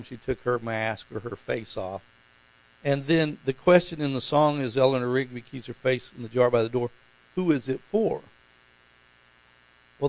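A man's voice: medium pitch, rough recording. A man preaching a conversational sermon as pastor, talking informally and putting questions to his congregation.

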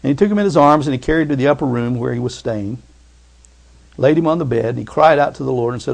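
A man preaching a sermon who tells stories and often calls out amen, swinging between loud fervor and hushed softness. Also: medium pitch, quick pace, creaky. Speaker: pastor.

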